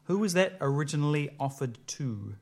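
A man's voice: on the high side, lively intonation, normal speed, very noisy. A man hosting a comedy panel game in a loose, filler-heavy, good-humoured way. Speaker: quiz host.

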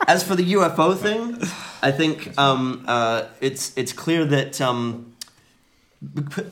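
Lively, bright-voiced male comedy panelist. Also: mid-range voice. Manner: stammering, rambling mock-serious arguments. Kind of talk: improvised comedy banter.

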